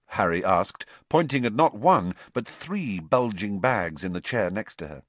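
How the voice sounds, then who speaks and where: Here a man reads an audiobook in a lively, animated voice with plenty of rise and fall in his pitch. The recording is dry and close, with no room sound. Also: a little slow, hardly any pauses, no room sound. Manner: expressive, switches voices for characters. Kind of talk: audiobook narration.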